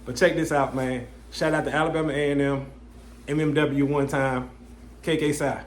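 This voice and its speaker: A man's voice: medium pitch, normal speed, reverberant, a little hiss or hum. A young man hosting a podcast, telling a story in casual chat and acting out the people in it. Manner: animated, quotes people in his story, frequent "you know what I'm saying". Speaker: podcast host.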